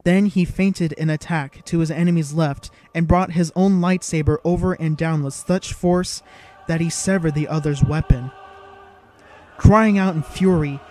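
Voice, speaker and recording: A man's voice: fairly high pitch, warm tone. A man giving dramatic, vivid scripted narration of an audiobook.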